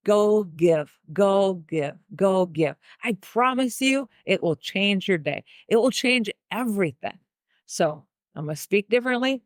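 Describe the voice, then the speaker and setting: A woman hosting a podcast, giving an energetic motivational pep talk and repeating phrases for emphasis. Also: lowish voice, no room sound, studio quality. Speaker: podcast host.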